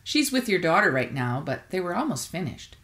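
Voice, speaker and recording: A woman reading aloud voices a brisk woman receptionist giving a patient instructions. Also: lowish voice, very animated, a bit bright.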